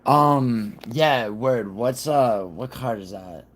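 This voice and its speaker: A man who is sick, with a raspy voice, chatting casually on a livestream in a rambling, profane way. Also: medium pitch, slow, low-quality recording. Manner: rambling, profane, restarts often. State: sick, rough voice. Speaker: livestream host.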